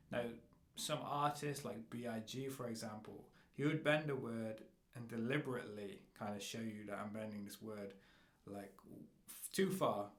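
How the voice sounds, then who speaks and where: Man teaching rap, roomy sound. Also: on the low side. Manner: explains, then raps short example bars. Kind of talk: instructional talk with rapped examples. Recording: roomy echo.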